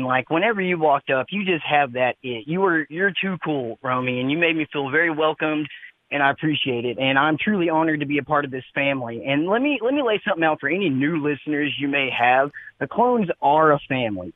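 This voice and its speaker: A man's voice: a little high, animated, a little fast, a little hiss or hum. A man calling into a radio show, laid-back and rambling, peppering his talk with "man". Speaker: caller. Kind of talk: prepared call-in speech. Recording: phone line.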